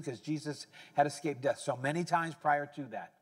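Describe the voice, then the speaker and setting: Older man preaching a lively sermon. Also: moderate pace. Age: 60s. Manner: conversational, self-correcting, rises to high excited emphasis. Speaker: pastor.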